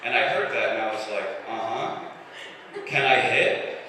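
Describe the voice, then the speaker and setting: A young man in his twenties doing a deadpan stand-up set, slipping into voices for the people he quotes. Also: on the low side, unhurried, far from the mic. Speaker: stand-up comedian. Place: comedy club stage. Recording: roomy live club recording with room noise. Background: audience laughter.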